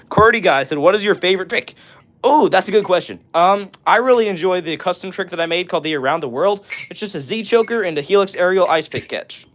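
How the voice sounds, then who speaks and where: A man with a fairly high voice hosts a casual live stream, reading out viewer messages and replying on the fly. He is excitable and jokey, and he often laughs. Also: a little hiss or hum.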